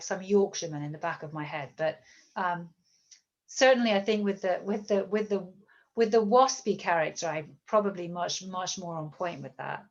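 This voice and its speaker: A woman's voice: fairly low pitch, muffled recording. A British woman author answering audience questions in a thoughtful, hesitant way, often repeating words. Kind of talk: bookstore author Q&A.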